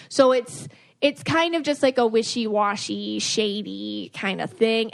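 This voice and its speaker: A woman's voice: a little high, gravelly. A woman hosting a podcast and reading auras, chatting casually, laughing often and acting out quoted voices. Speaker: podcast host, aura reader.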